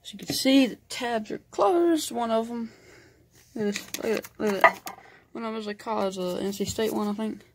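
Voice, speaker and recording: A man's voice: high-pitched, little pitch movement, fairly quick. A young man with a light Southern US accent, rambling through a casual home vlog on a handheld camera, full of "like" fillers. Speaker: vlogger. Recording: noisy home video.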